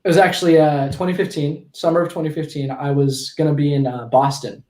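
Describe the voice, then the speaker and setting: A man's voice: a little high, little pitch movement, brisk, darkish tone, echoey room. A man in his twenties, a podcast guest, telling stories casually, with frequent restarts and self-corrections. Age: 20s. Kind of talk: casual storytelling in a conversation.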